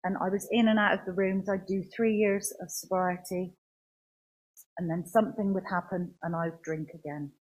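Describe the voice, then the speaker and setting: A woman tells her own story of faith before a church gathering. Her voice sits a little low and has a husky, breathy edge. She speaks earnestly, halting and restarting as she goes. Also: steady tone, rough recording. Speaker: churchgoer giving testimony. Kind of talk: personal faith testimony.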